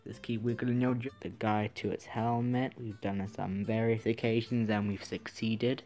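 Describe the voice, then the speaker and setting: A man's voice: on the low side, flat delivery, normal speed, a little mellow, soft background music. A man giving let's-play commentary, muttering to himself and swearing casually as he plays. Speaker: gaming video creator.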